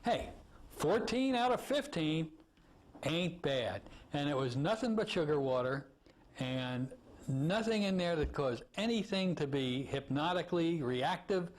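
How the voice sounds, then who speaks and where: A man's voice: a little high, a little slow. A man, a hypnosis instructor, telling an anecdote in a teaching talk and acting out the people in it. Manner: animated storyteller acting out voices.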